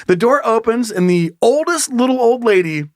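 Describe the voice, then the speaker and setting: A man's voice: very high-pitched, expressive, normal speed, no echo, clean studio sound. A man co-hosting a casual comedy podcast, reading a listener's story aloud and acting out the voices, laughing often.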